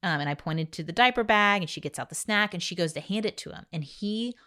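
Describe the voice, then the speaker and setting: A woman with a fairly low voice hosts a relaxed conversation. She tells a personal story with lively energy, slipping into quick impressions of the people in it. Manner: lively storyteller who acts out quoted voices. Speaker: podcast host; mother of boys. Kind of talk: casual chat, storytelling.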